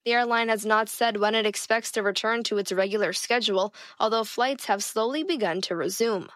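A woman anchoring a radio newscast in a measured, formal delivery. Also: mid-range voice. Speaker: news anchor. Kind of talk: news reading. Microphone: studio mic.

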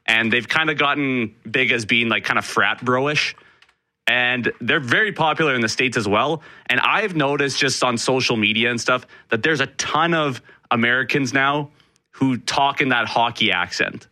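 A young man from Canada chatting casually on a radio talk show, quick to slip into comic put-on accents. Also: mid-range voice, no echo. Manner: animated, mimics accents with laughing bursts.

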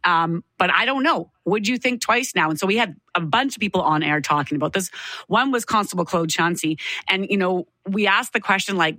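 A woman hosting a talk radio discussion tells a story in an easy conversational way. Her voice is bright and forward. The sound is dry and close to the mic. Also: fairly low pitch, fairly quick, no echo. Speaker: radio host.

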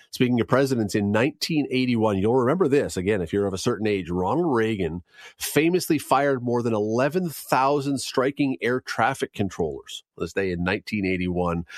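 A man's voice: mid-range voice, no echo, clean studio sound. A man hosting a radio segment, reading news and on-this-day trivia in a casual, chatty way with wry asides. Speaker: radio host.

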